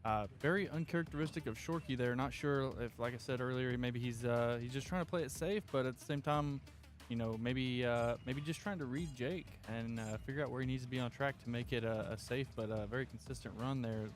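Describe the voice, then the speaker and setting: A man's voice: mid-range voice, brisk, faint music behind. A man giving play-by-play commentary on drift runs, breaking down replays with frequent fillers.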